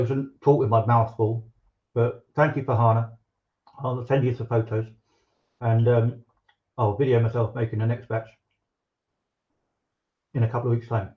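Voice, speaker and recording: A man hosts his own live stream and chats to viewers in a loose, rambling way, full of fillers and restarts. His voice sits at a middling pitch for a man. The sound is a little dull and lo-fi. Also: steady tone, moderate pace, long pauses. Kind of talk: casual live-stream chat.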